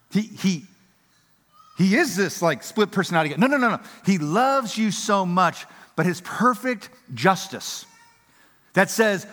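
A man preaching a sermon in an animated, emphatic way, swinging between loud passages and hushed ones. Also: sits high, moderate pace. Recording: reverberant hall.

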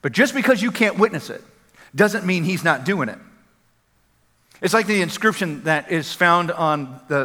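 A man preaching a sermon as a pastor, energetic and conversational, repeating phrases for emphasis. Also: high voice. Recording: long hall reverb.

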